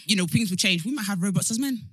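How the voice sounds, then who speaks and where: A woman's voice: mid-range voice, expressive, fast, husky, no echo, clean studio sound. Giggly woman co-hosting. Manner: giggly, teasing, apologetic. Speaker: podcast co-host. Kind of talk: casual chat.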